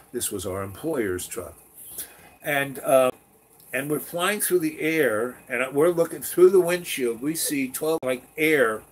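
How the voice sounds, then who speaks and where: A man's voice: mid-range voice, a little hiss or hum. A man telling a long personal story in a meandering, chatty way, full of fillers and restarts. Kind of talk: rambling personal anecdote.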